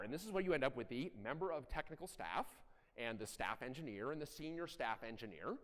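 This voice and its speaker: A middle-aged man giving a conference talk, animated and blunt, with self-deprecating asides and occasional profanity. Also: on the high side, fast. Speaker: conference speaker. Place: large conference hall. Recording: echoey hall.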